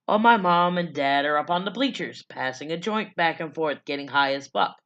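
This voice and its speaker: A woman's voice: sits low, animated, moderate pace, a bit bright, muffled recording. A woman vlogger telling her life story in a loose, casual way, blunt and profane, with lots of fillers.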